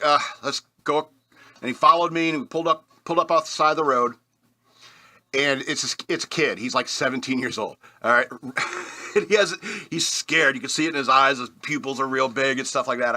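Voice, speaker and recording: Bright-voiced man telling rambling stories. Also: mid-range voice. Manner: rambling, self-deprecating, with chuckles. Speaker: radio show host. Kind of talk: casual storytelling.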